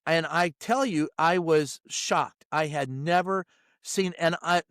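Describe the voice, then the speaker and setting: Animated middle-aged male storyteller. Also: a little high, takes it slowly, dry recording, studio quality. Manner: animated storyteller who acts out quotes and laughs mid-sentence; blunt, salty wording. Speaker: White House reporter, guest. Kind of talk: casual storytelling interview.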